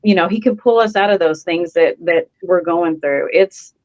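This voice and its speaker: A woman who is an author speaks on a live video call, giving a halting, faith-filled testimony while holding back tears. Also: on the low side, darkish tone, muffled recording. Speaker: contributing author.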